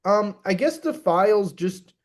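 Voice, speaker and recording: A man's voice: high voice, lively intonation, unhurried, a little mellow. Rambling young man reviewing a movie. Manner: rambling, many restarts and fillers, acts out quotes in mock voices. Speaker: podcast co-host. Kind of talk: casual movie review chat.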